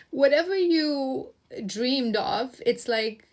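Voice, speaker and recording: A woman doing a tarot reading to camera, effusive and earnest, often restarting her phrases and repeating herself. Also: high voice. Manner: earnest, emotionally stirred. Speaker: tarot reader.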